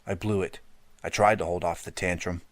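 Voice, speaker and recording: A man narrating an audiobook in a steady first-person storytelling manner, close to the mic. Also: sits low, normal speed, no room sound. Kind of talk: scripted narration.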